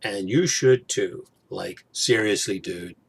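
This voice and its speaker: A man's voice: lowish voice, slow pace, gravelly, breathy edge. A man vlogging in a casual chat, rambling with frequent restarts and asides.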